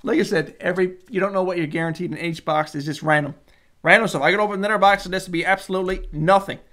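A Canadian vlogger giving casual commentary while opening trading card packs, reading off card names and growing more excited on good pulls. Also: medium pitch, fast. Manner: lively running play-by-play, lists card names.

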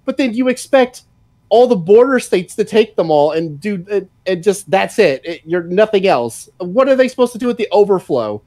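Profane ranting man, slightly high voice. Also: big pitch swings, moderate pace, a little mellow, dry recording, studio quality. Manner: profane, rambling, laughs often. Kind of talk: casual political rant chat.

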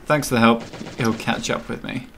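Male gaming host, mid-pitched, chatty, playful play-by-play. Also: steady tone, moderate pace, creaky, noisy background. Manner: chatty, playful, talks to game characters. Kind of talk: casual gameplay commentary.

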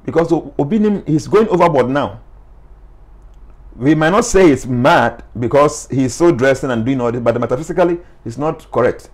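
Speaking in a mid-range voice at a moderate pace, a Ghanaian-accented life coach gives an animated interview. He switches between English and Twi phrases.

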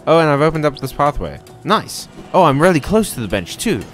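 A man casually commentating a game as he plays, reacting out loud and chatting to his viewers. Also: a little high, big pitch swings, brisk, faint music behind. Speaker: game streamer. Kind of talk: casual let's-play commentary.

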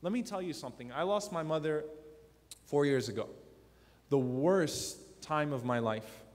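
A man preaching to a youth conference, telling personal stories earnestly and dropping to a hushed voice for emphasis. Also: fairly high pitch, unhurried. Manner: drops to a soft, hushed voice for emphasis. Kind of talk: emotional sermon. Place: large conference hall. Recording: long hall reverb.

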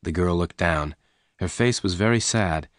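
A man reading a story aloud in a clear, measured narration. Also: low voice, dry recording, studio quality.

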